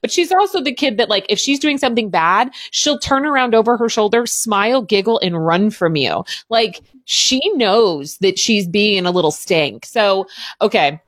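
A woman hosting a casual chat, candid and chatty in a relaxed way. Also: medium pitch, normal speed, no room sound.

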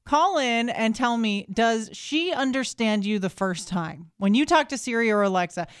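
A woman's voice: fairly high pitch, lively intonation, moderate pace, smooth, no echo. A woman hosting a morning radio show, bubbly and teasing, laughing often as she chats in a studio. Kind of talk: casual radio banter. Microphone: studio microphone.

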